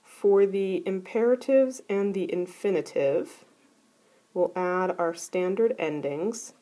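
A woman teaching a recorded grammar lesson, explaining clearly and methodically. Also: on the low side, slow pace, mellow. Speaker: Greek teacher.

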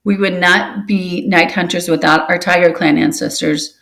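A woman's voice: lowish voice, steady tone, moderate pace, vocal fry, poor audio. A woman voicing a stern, wise old male warrior cat who lectures young apprentices in a storybook reading. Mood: stern lecturing. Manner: gently scolding, lecturing.

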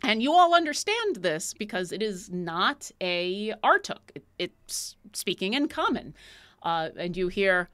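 A woman narrating as dungeon master of a tabletop game, with lively, playful scene-setting. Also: medium pitch, a little slow.

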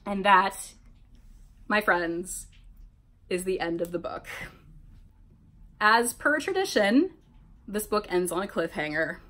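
A woman reading a fan story aloud in an animated, mock-dramatic way, adding wry comments of her own. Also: on the low side, a little slow, pauses often. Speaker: reader, channel host.

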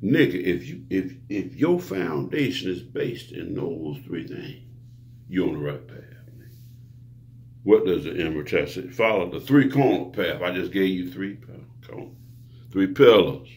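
A man's voice: deep voice, animated, normal speed, vocal fry, a little mellow. A man preaching a rambling monologue to his viewers, grandiose and profane, lecturing the listener. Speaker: self-styled preacher.

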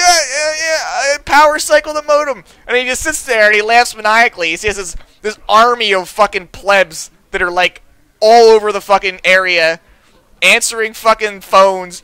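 A man's voice: high voice, clear, resonant tone, dry recording, low-quality recording. A young man ranting to his live stream audience, swearing constantly and mocking people with put-on voices. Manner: profane, animated storytelling with mocking voices.

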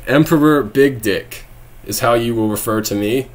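A man's voice: mid-range voice, normal speed, few pauses. Rambling, sarcastic male streamer from Texas. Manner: rambling, laughs often, sarcastic asides. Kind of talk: casual live-stream chat reading viewer comments.

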